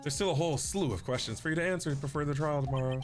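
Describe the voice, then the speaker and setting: A man reading a calm mentor lawyer woman. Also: on the high side, very fast, lightly acted. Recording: game music behind.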